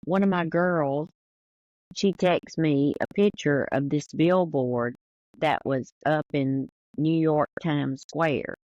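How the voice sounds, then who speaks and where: A woman's voice: low voice, takes it slowly, darkish tone, dry recording, lo-fi sound. A woman with a Southern US accent and a drawl, chatting casually as a podcast co-host and telling stories. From American South. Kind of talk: casual chat.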